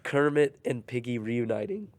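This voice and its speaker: A man's voice: mid-range voice, lively intonation, no echo. A man guesting on a podcast, chatting eagerly about a film while losing his voice. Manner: eager, chimes in with quick agreement. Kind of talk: casual movie discussion.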